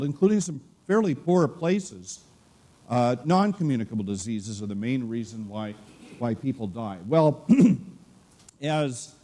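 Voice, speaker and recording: A man's voice: mid-range voice, darkish tone. A middle-aged man, an economics professor, giving a conference lecture with frequent fillers and restarts. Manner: halting, many uh fillers and restarts. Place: conference room.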